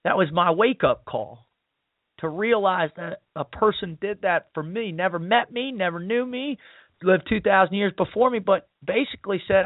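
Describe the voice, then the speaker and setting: A high-pitched man speaks as a podcast host, emphatic and repetitive, retelling a story in a loose sermon-like style. The sound is dry and tinny, as if over a phone line. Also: moderate pace, no room sound. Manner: emphatic, repetitive, peppered with "man" and "you know". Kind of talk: casual spoken retelling, sermon-like.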